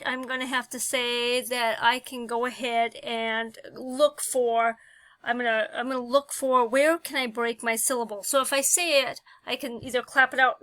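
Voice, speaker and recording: Woman teacher, unhurried, patient phonics walkthrough, lots of ums, clear bright tone. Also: high voice, dry recording. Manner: slow and patient, thinking aloud with many fillers. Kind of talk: classroom phonics lesson.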